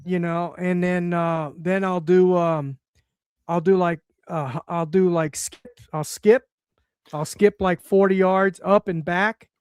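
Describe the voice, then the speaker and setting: A man in his sixties chats in a relaxed, easygoing way, circling back with fillers and repeated words. His voice sits high and sounds smooth and resonant. The recording is dry and close. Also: takes it slowly, dry recording. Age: 60s. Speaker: guest. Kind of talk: casual chat.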